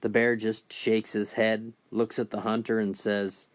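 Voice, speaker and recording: A man narrating a string of dirty jokes in a deadpan storytelling manner, briefly lifting his voice for the characters. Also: lowish voice, a little slow. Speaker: joke teller.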